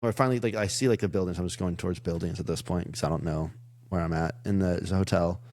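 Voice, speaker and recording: A man's voice: low-pitched, fast, no echo. A young man, a comedian guest, telling a wild story in casual chat, rambling with lots of fillers. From Iowa. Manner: rambling, many "like" fillers, animated retelling.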